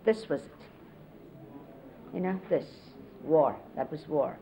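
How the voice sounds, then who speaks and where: A middle-aged woman casually reminiscing, explaining hand gestures in an unhurried, conversational way and often quoting others. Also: low-pitched, expressive. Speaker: interviewee recalling life with a spiritual teacher. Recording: lo-fi 1970s videotape, faint hiss.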